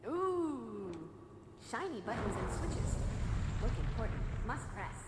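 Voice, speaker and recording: A woman's voice: on the high side, big pitch swings, slow pace. A woman voicing a wisecracking young female vampire slayer in a video game, delivering sarcastic one-liners. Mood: quippy. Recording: game audio under loud noise, from far.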